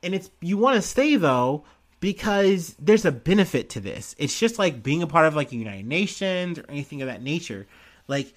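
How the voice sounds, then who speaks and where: Frank, profane man, slightly high voice. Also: a bit bright. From United States. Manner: profane, rambling, frank opinions. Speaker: podcast host. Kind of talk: casual podcast monologue. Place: small apartment.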